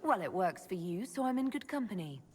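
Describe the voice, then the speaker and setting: Give me an actress as a thoughtful female elf leader in a video game, with lively intonation and a faint hiss. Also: mid-range voice, a little fast, natural voice. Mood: musing.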